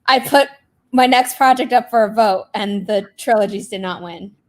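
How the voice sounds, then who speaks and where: A woman's voice: mid-range voice, normal speed. A young woman hosting a casual writing livestream, chatty, greeting viewers with lots of fillers. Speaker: livestream host. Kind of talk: casual chat on a writing sprint stream.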